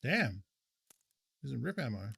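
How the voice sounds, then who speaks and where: Gravelly, husky male game streamer. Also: mid-range voice, sing-song, unhurried, sharp tone. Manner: casual, muttering, swears, thinks aloud. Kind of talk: live gameplay commentary.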